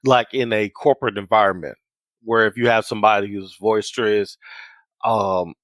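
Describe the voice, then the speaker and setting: A man's voice: fairly low pitch, steady tone, normal speed, fairly bright tone, no echo. A man co-hosting a podcast in casual chat, working through his points with everyday examples and frequent "you know what I'm saying.". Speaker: podcast co-host.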